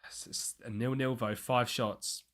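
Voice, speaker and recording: A young man streaming live, chatting and thinking aloud over a football management game, with excited bursts at chances. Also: mid-range voice, unhurried. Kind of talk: live gameplay commentary.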